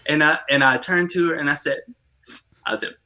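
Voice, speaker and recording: A man co-hosting a church podcast, telling a childhood story in a lively, chatty way with many restarts. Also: a little high, quick pace. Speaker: podcast co-host. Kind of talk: casual storytelling chat.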